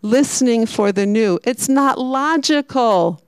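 A woman with a gravelly, fry-edged voice gives a reflective spiritual talk as a Franciscan sister. She leans on key words, slowing and repeating them for weight. The sound is close and dry, with no room echo. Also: fairly high pitch, expressive.

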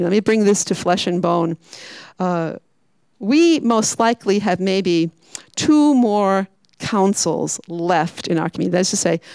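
A woman who is a Franciscan sister, giving a reflective spiritual talk. She is emphatic, slowing down and repeating key words. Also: mid-range voice, a little mellow, no room sound, poor audio.

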